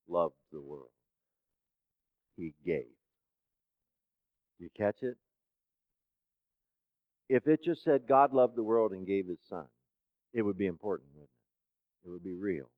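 A man's voice: lowish voice, dry recording. Preaching man, dull dry recording. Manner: asks the congregation questions, swings from soft to loud. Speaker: pastor. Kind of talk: sermon.

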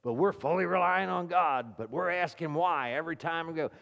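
A man preaching a sermon as pastor, swinging between emphatic, rising passages and quieter asides. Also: on the high side, brisk, gravelly, big-room sound, lo-fi sound.

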